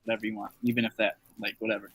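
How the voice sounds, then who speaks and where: A man's voice: lowish voice, flat delivery, racing, fairly bright tone. A man on a live stream show, eager and stammering as he repeats himself. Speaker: show regular. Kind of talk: casual live-stream chat.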